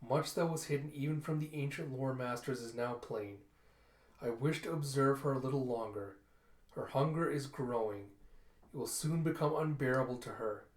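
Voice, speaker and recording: A man voicing a calm, scheming father figure from a comic book, speaking deliberately. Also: mid-range voice, reverberant, lightly acted.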